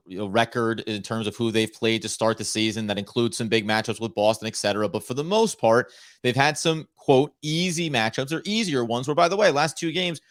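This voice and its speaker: Male podcast co-host, mid-range voice, dry booth sound, energetic casual delivery. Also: mid-range voice, no echo. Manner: energetic, talks in long run-on points. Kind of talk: casual sports podcast talk.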